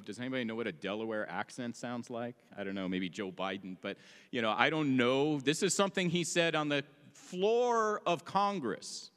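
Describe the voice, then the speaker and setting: A man's voice: medium pitch, fairly bright tone, clear, resonant tone. A man giving an informal history lecture to a meeting, explaining in a plainspoken way with casual, joking asides. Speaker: presenter. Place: meeting hall. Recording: echoey hall.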